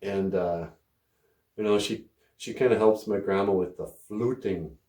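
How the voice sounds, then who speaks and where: Slow, laughing man telling stories. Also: lowish voice, mellow, echoey room. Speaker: host of language podcast. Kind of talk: casual storytelling lesson.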